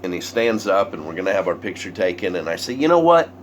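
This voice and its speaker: A man's voice: low voice, fast, slight background noise. A man telling a personal story, acting out the quotes and dropping to whispers. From Southern United States. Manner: animated, acts out quotes, drops to whispers. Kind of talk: spoken story performance.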